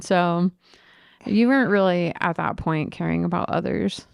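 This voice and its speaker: A woman with a gravelly, fry-edged voice tells stories in an animated, exasperated way, swearing freely. She is co-hosting a casual studio chat, recorded close to the mic in a dry, dead room. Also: lowish voice, moderate pace, no room sound. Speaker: podcast co-host.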